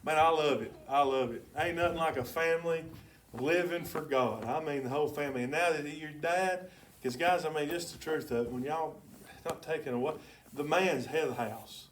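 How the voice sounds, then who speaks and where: A man preaching in a church, telling a story in a colloquial, excitable way with sudden loud bursts. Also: on the high side, moderate pace, distant mic, a little hiss or hum. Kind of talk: sermon with storytelling. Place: church sanctuary.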